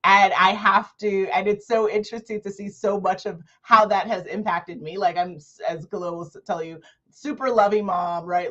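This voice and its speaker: Animated woman reading affirmations, muffled audio. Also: mid-range voice, moderate pace. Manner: animated, laughs often, reads affirmations aloud. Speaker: host of an online book club. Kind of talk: casual livestream book chat.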